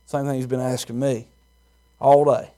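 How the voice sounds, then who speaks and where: A middle-aged man preaching a sermon, swinging from loud, impassioned stretches to hushed, tender ones. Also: mid-range voice, little pitch movement, normal speed. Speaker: pastor.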